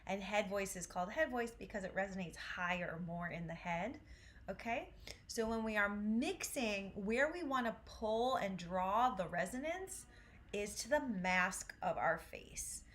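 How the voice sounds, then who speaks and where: A woman's voice: mid-range voice, expressive, measured pace, a bit bright. A woman with an Upstate New York accent coaching singers in a live online lesson. She talks chattily and keeps checking in with the class. A faint hum of noise sits behind her voice. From Syracuse, New York. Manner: chatty, encouraging, checks in with "okay?". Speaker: vocal coach.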